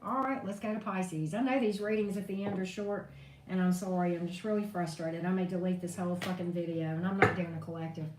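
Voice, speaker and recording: A woman's voice: fairly low pitch, fairly even intonation, a little fast. A woman reading tarot on a live stream, venting in a blunt, profane way. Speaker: tarot reader. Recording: echoey room, distant mic, faint noise.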